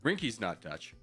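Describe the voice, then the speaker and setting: Role: bright-voiced joking male game streamer. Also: sits high, slightly rough. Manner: joking mock rants, frequent laughs. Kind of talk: live game-stream commentary.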